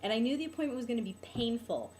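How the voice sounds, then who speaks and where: A woman's voice: a little high, expressive, racing, background noise. A young woman, venting about a bad weekend in a casual vlog, peppered with "like" and "um". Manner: exasperated, venting, frequent "like" and "um". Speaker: vlogger.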